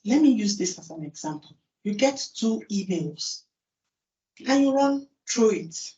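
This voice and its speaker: A woman with a Nigerian accent giving a lively conference talk, asking the audience questions and then answering them herself. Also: medium pitch, unhurried. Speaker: conference speaker. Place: large conference hall. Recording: distant, roomy, dull hall recording.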